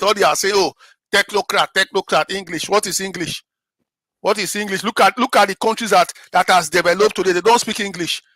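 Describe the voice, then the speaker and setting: A middle-aged man with a Nigerian accent holds forth on politics in a high, bright voice. He is emphatic and keeps repeating himself, firing off rhetorical questions. The sound is dry and close. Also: no room sound. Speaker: panel guest. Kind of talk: impassioned political commentary.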